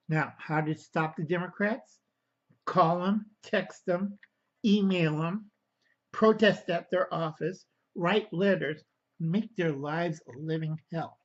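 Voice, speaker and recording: A man rants slowly to his camera, pitched a little high for a man, stopping to fix his own slips and calling his viewers kids. His anger runs through the whole talk. The sound is dull and lo-fi, like cheap home video. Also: a bit bright. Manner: slow, rambling, stops to correct himself; angry, addresses viewers as kids. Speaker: vlogger. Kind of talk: casual political rant to camera.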